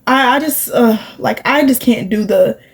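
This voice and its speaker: A woman's voice: on the high side, moderate pace, rough recording. A young woman, rambling and confiding as she chats through her makeup routine, with plenty of "like" and "you know". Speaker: vlogger. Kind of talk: casual chatty vlog while doing makeup.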